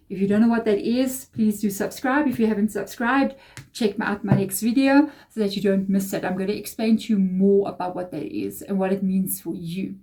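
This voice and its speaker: A woman with a mellow, warm tone talks through a tarot reading in a loose, rambling way. She confides in her viewers and drifts into emotional personal asides. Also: mid-range voice. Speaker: tarot reader. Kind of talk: casual tarot reading monologue.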